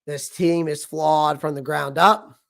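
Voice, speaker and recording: Hoarse, blunt male sports host. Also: on the high side, steady tone, slow, a bit bright. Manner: blunt, emphatic, repeats himself. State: hoarse, losing his voice. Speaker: sports fan show host. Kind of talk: livestream sports rant.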